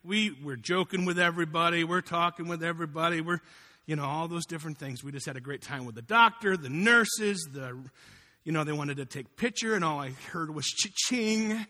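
A man preaching a sermon, telling a personal testimony with animated storytelling and acted-out quotes. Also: on the high side, a little fast. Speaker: pastor. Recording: long hall reverb.

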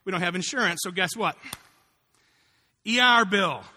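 Bright high-voiced preacher man in a reverberant hall. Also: moderate pace. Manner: animated storytelling, acting out quotes. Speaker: pastor. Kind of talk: sermon with personal testimony.

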